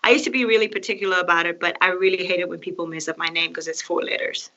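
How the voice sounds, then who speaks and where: A woman's voice: fairly low pitch, fairly even intonation, racing, pushed and bright. A woman with a South African accent, a guest singer chatting casually in an interview and laughing easily. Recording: dull lo-fi audio.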